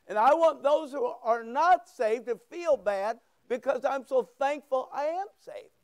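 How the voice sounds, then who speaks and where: Male preacher, high smooth voice, emphatic, unhurried sermon. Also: lively intonation, dry recording, studio quality. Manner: fervent, emphatic preaching with rising bursts. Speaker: pastor.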